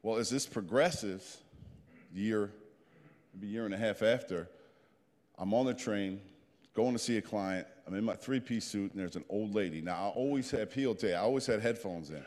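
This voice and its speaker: A man in his fifties tells a story to a group in an animated, plain-spoken way. His voice sits fairly low. A long reverb of the meeting room trails each line. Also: moderate pace. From New Jersey. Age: 50s. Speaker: guest speaker.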